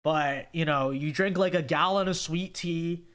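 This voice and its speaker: A man's voice: on the high side, unhurried, fairly bright tone, smooth. A young man from California hosting a casual livestream, reading viewer chat and answering it in an emphatic way, often tagging "okay?" onto his points.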